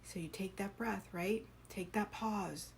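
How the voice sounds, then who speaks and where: A woman's voice: medium pitch, measured pace, gravelly, a little hiss or hum. Woman doing a casual live stream, encouraging coach vibe, keeps checking in with viewers. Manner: earnest, encouraging, asks viewers questions. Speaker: spiritual coach hosting a live session.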